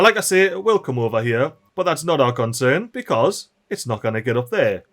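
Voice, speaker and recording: Excitable gamer, lively pitch. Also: male voice. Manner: animated, frantic shouting at in-game beavers. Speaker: gameplay commentator. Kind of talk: let's play commentary.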